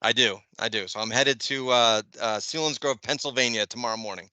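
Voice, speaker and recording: Bright, crisp man telling a story. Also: medium pitch, brisk, no echo. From Northeastern US. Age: 50s. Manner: animated storyteller, swears freely. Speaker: podcast co-host, Jets fan. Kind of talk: casual podcast chat.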